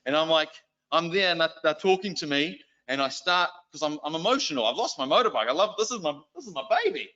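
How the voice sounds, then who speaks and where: A man with a New Zealand accent gives a lively church exhortation, with self-mocking stories. His voice is bright and a little high. The recording is dull and lo-fi. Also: fairly quick. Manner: animated, self-deprecating storytelling. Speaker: lay preacher and schoolteacher.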